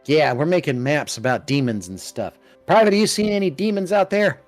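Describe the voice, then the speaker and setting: A man's voice: lively intonation, brisk, natural voice. A man voicing a small, bossy girl goblin soldier who loves giving orders. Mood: eager. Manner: squeaky, shouty, eager to command. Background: faint ambient music.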